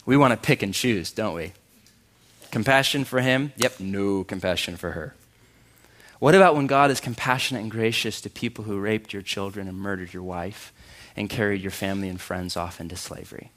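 A man preaching a sermon, animated and emphatic, asking his congregation questions and dropping quiet for serious points. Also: on the low side, normal speed. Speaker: pastor.

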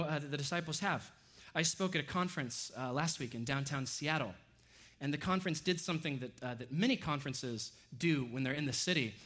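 A man preaching a sermon, animated and sarcastic as he acts out the disciples' lines. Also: fairly high pitch. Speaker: pastor.

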